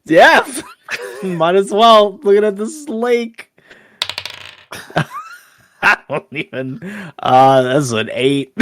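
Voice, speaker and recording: Giggly, baffled player, very slow. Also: mid-range voice, very animated, fairly bright tone, a little hiss or hum. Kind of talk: casual tabletop game chat.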